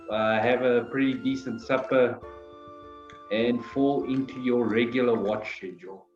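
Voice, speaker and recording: GM, male, easygoing wrap-up voice, roomy and a bit dull, soft music under. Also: fairly low pitch. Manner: laid-back, wrapping up with thanks. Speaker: game master. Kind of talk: casual chat wrapping up a tabletop game. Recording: roomy, slightly dull sound with music behind.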